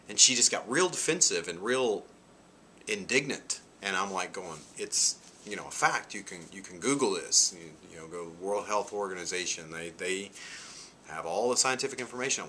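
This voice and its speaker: A man's voice: fairly low pitch, expressive, moderate pace, sharp tone, a little hiss or hum. A man in his forties talking casually to his vlog audience, telling a rambling story peppered with "you know". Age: 40s. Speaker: vlogger. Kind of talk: casual chat.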